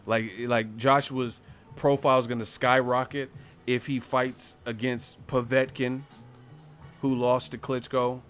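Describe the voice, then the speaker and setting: Mid-range and fairly bright, the voice belongs to a boxing channel host streaming live. He speaks directly to his audience in a loose, profane, joking way, with many asides.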